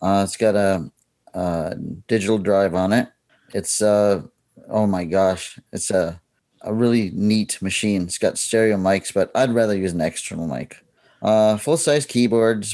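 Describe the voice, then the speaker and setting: A man's voice: on the low side, a little slow, darkish tone, no echo, clean studio sound. A man co-hosting a podcast, chatting casually and searching for words as he talks. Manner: hesitant, many fillers while searching for words. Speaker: podcast co-host.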